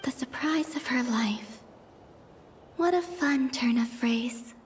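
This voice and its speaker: A woman voicing a lonely, unseen young woman who speaks in a soft, breathy whisper. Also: high voice, takes it slowly, long reverb tail, slight background noise. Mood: wistful. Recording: game audio with faint music.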